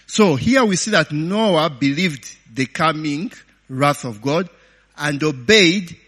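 A man delivers a sermon at an unhurried pace, his voice a bit high and bright. He keeps quizzing the congregation and tags his lines with "eh?" and "okay?". A long reverb trails his words. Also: lively intonation, husky. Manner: chatty, laughing asides, many "eh?" and "okay?" tags; call-and-response questions to the audience. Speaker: preacher.

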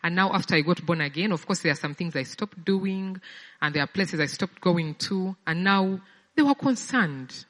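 A woman with a fairly low voice shares a personal testimony in the manner of a sermon. She speaks conversationally and often stumbles over and repeats words as she looks for the right ones. Her voice rings with the long reverb of a large hall. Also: expressive, moderate pace, fairly bright tone.

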